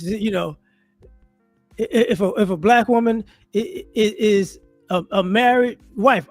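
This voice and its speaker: A man giving casual monologue commentary as an online commentator, animated and rhetorical, often restarting his sentences. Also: high voice, a little slow, soft background music.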